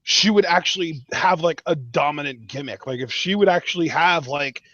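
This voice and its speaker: Man, slightly high voice, opinionated podcast co-host, dull dry lo-fi sound. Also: moderate pace, bright, forceful tone, no echo. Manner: opinionated, emphatic, frequent restarts. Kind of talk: casual wrestling review chat.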